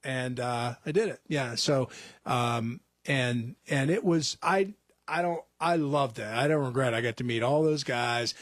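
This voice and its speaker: A man telling a story in a radio studio, relaxed and chuckling, with many fillers. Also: medium pitch, measured pace, no echo. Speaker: guest, former athlete. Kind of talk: casual storytelling.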